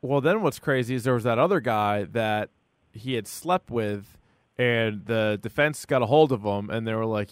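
A man co-hosting a podcast in casual chat, animated and acting out quotes with a jumpy, high voice. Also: normal speed, clear, resonant tone, no echo. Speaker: podcast co-host.

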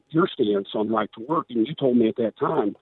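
Hoarse man on a tinny phone line. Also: medium pitch, animated, normal speed, no room sound. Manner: emphatic, persuasive, with many restarts. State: losing his voice. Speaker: candidate for governor. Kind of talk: radio interview.

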